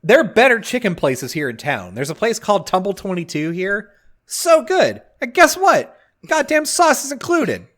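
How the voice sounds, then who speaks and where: A young man co-hosting a casual podcast. His pitch swings widely as he tells a story and works himself into a mock-outraged rant. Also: wildly swooping pitch, normal speed, a bit bright. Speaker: podcast co-host. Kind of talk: casual chat.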